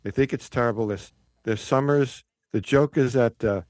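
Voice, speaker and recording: A man's voice: mid-range voice, normal speed, darkish tone, no echo. A man, a regular on the show, telling rambling stories and chuckling in casual chat. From United States.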